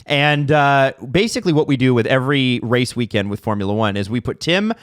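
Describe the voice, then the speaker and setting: A man's voice: medium pitch, brisk, no echo. A man co-hosting a podcast, chatting casually and steering the show from one segment to the next. His voice swings widely up and down. It is recorded close and dry, with no room sound. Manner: animated, running the segments. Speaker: podcast co-host. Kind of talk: casual chat.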